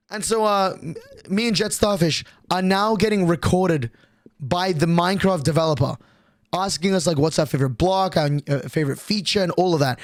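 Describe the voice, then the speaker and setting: High-voiced young man telling a story. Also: a little fast, dry recording. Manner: rambling, profane, acts out quotes. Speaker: streamer. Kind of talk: casual storytelling.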